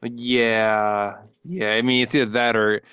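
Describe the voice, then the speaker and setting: A man's voice: mid-range voice, little pitch movement, takes it slowly, fairly bright tone, clear, resonant tone, no echo, highs cut off. A man co-hosting a podcast in casual chat, easygoing and a bit hesitant when he recalls answers. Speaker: podcast co-host.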